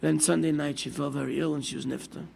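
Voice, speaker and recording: Brief: older New rabbi, gravelly and a bit high, storytelling sermon, faint hiss behind. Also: male voice, quick pace. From United States. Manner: storytelling with lively quoted asides, mixing Hebrew and Yiddish terms. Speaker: rabbi giving a Torah class.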